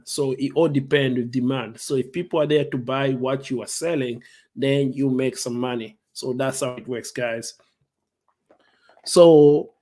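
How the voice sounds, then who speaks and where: A man casually explaining stock investing to viewers on a live stream from home, relaxed and repetitive. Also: mid-range voice. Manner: relaxed, repeats key points, frequent "like" fillers.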